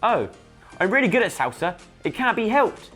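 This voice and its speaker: A man's voice: high-pitched, sing-song, brisk, a bit bright, soft background music, voice pushed up, exaggerated voice. A man voicing a playful, mysterious young Spanish woman in a dating game. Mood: teasing.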